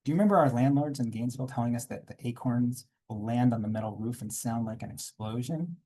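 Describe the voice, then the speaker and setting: Man, mellow husky voice, quiet reflective reading, panel room. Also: mid-range voice, fast. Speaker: comics artist reading his work at a panel. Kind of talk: reading aloud from his own graphic memoir.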